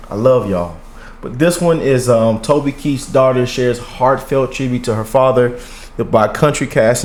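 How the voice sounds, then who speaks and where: A man in his thirties talks casually to his viewers while he reacts to a video. He rambles, restarts his thoughts and keeps tacking "man" onto the end of his lines. His pitch sits at an ordinary middle height, and the tone stays heartfelt and unpolished. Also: a little mellow, slight background noise.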